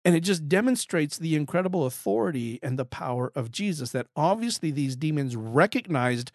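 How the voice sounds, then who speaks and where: Man, bible teacher, higher-pitched voice, earnest, emphatic, dry close sound. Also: animated, fairly quick, darkish tone, no room sound. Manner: earnest, emphatic, repeats words when stressing a point. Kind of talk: Bible study teaching talk.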